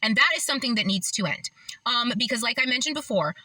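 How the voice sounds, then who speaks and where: A woman's voice: a little high, animated, fast talker, pushed and bright, no echo, rough recording. A woman from Las Vegas talking to camera in an earnest, emphatic, chatty way. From Las Vegas, Nevada, USA. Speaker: vlogger. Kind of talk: casual talk to camera.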